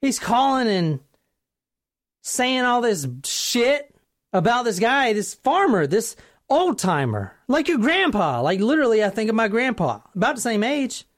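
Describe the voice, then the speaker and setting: A woman's voice: a little high, a little slow. A woman hosting a podcast, telling a true-crime story casually with jokes and cursing. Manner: animated, joking, swears freely. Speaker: podcast host.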